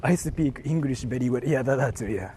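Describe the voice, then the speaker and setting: With slight background noise, a young man walks outside and rambles to his live-stream viewers in a brisk, warm, mid-range voice. He keeps restarting and sprinkles "like" everywhere in his loose chat.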